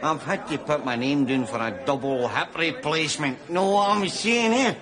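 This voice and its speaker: A Glaswegian actor playing a boastful, leering drinking pal in a sitcom, with audience laughter. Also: male voice, fairly high pitch, normal speed, heavy background noise, close to an everyday voice. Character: boastful middle-aged Glasgow drinker, cocky. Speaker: sitcom character. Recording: studio audience laughter behind.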